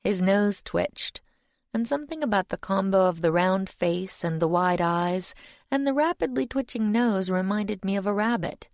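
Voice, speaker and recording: A woman's voice: medium pitch, normal speed, a little mellow, dry recording, studio quality. A woman narrating a first-person fantasy audiobook in a wry, conversational way.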